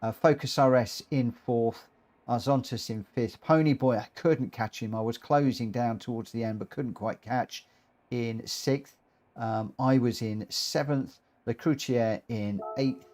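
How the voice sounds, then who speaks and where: Excitable rambling man streaming. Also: medium pitch, a little slow. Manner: excitable and rambling, stumbles over words. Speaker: live stream host. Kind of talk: live racing game commentary and chat.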